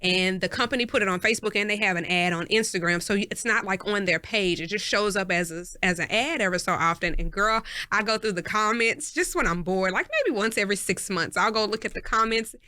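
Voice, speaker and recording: Texan woman podcast co-host, animated storyteller, bright voice, dry close mic. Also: brisk, hardly any pauses, no echo. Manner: animated storyteller, acts out voices with big pitch jumps. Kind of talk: casual chat.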